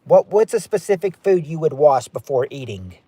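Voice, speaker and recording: A man's voice: a little high, very animated, moderate pace, mellow, breathy edge, no room sound. A man hosting a live-stream game night, chatting as he reads out viewer guesses and rules on each one. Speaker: game show host.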